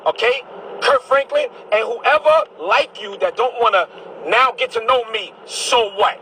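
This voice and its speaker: A bishop delivers a heated monologue straight to camera. This man's voice sits high and rings bright and forceful. He is combative and preachy, and he hammers the same phrases again and again. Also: a little slow, a little hiss or hum, low-quality recording. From Brooklyn, New York.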